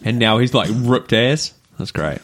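Male co-host, middle-pitched voice, easygoing casual replies. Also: animated, measured pace, a bit bright. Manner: short agreeing replies, easygoing. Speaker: podcast co-host. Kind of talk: casual chat.

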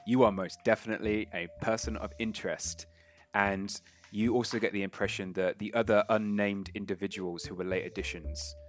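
A man's voice: lowish voice, steady tone, fairly quick, soft background music. A man running a tabletop role-playing game as game master, chatty and laughing often.

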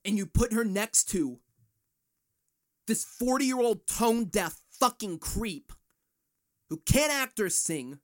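A man's voice: high-pitched, expressive, takes it slowly, long pauses. A man hosting a solo podcast, ranting in a fired-up, profane way. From United States. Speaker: podcast host.

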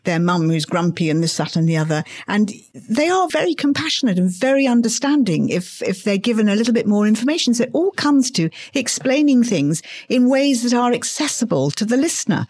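A woman's voice: fairly high pitch, a little fast, few pauses. A middle-aged woman, a senior obstetrician and gynecologist, speaking earnestly in a conversational interview. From England. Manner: earnest, animated, emphatic repetitions.

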